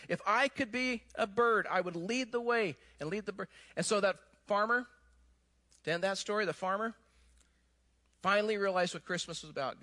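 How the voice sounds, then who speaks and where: A man preaching a sermon, telling a story with animated emphasis that drops to hushed, low tones. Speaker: pastor.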